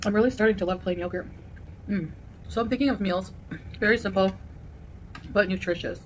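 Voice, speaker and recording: A woman's voice: medium pitch, a little fast, a little hiss or hum. Chatty woman talking between bites. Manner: chatty and rambling, eating between words. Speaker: vlogger. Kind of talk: casual eating vlog chat.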